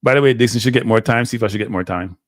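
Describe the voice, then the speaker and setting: A man's voice: mid-range voice, rapid-fire, dry recording. Guy calling a football match live for fans, blunt and fed up, dry close mic. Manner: frustrated, blunt fan commentary. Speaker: watchalong host. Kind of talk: live play-by-play commentary.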